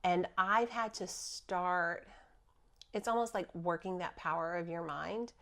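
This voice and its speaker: A woman guest speaking about healing in a casual chat, animated and earnest, often breaking into laughter. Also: lowish voice, unhurried. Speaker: guest, spiritual healer.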